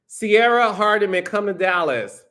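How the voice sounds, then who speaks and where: A man's voice: sits high, expressive, moderate pace, bright, forceful tone. A man hosting a live stream, reading out viewer comments in a sassy, playful way and calling people honey and child. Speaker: podcast host.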